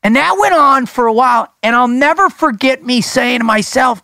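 A man co-hosting a podcast, telling a story in an animated, emphatic way. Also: extremely high pitch, normal speed, vocal fry, hardly any pauses, no room sound, clean studio sound. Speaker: podcast co-host. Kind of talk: casual storytelling chat.

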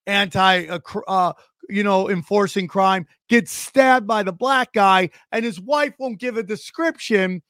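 A man's voice: high voice, sharp tone, dry recording, studio quality. A man ranting profanely in casual podcast chat, stumbling and restarting his sentences.

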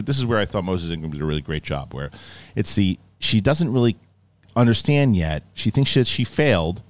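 Middle-aged man, low-pitched, loose rambling review commentary with plenty of restarts. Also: no echo. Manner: rambling, acts out scenes in mock voices. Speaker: show reviewer.

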